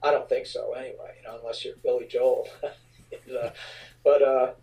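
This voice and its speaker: Laid-back man, mellow and off-mic. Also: medium pitch, normal speed, gravelly, recorded from a distance, rough recording. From New Orleans area. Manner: relaxed, rambling with many fillers. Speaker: rock band frontman, guest. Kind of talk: casual interview storytelling.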